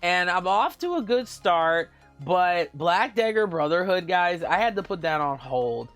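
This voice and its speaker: Gushing, giggly man with a high voice. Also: lively intonation, a little slow, fairly bright tone, soft background music. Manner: gushing, chatty, addresses viewers as guys; giggly, with playful exclamations. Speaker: book vlogger. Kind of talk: casual live-stream chat.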